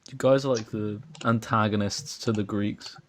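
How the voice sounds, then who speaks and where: A man's voice: fairly low pitch, fairly even intonation, normal speed, a crowd in the background. A young man on a casual podcast, dropping wry, teasing remarks into the conversation. He speaks in an easy, everyday way. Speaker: podcast co-host. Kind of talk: casual chat.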